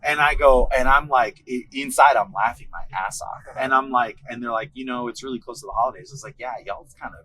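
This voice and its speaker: A man in his thirties telling a story in casual chat, animated and swearing freely, acting out what his bosses said. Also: mid-range voice, fairly quick, hardly any pauses, rough recording. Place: car.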